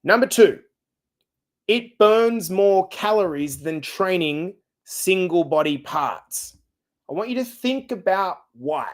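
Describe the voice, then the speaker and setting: A middle-aged man hosting a fitness podcast, coaching listeners in an energetic, direct and casual way. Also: high-pitched, takes it slowly. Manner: energetic, direct, casual and blunt with occasional swearing. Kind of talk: podcast monologue.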